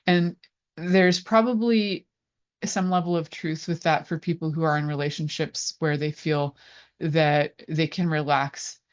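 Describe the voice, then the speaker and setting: Low-voiced chatty woman radio host. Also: fairly even intonation, unhurried, highs cut off. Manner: chatty, rambling, laughs easily. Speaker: sex and relationship coach, radio host. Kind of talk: casual radio talk.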